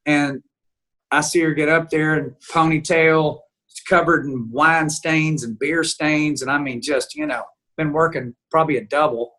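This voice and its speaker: A man being interviewed as a guest songwriter, telling an animated story and acting out the dialogue. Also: on the high side, moderate pace. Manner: lively storyteller who acts out quoted dialogue. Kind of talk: animated storytelling in casual chat.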